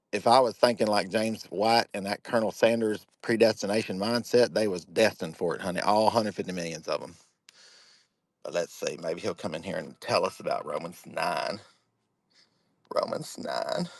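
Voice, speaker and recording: A man's voice: lowish voice, dry recording, natural voice. A man voicing a campy gossiping Southern man who keeps calling the listener honey, in a sassy, teasing drawl.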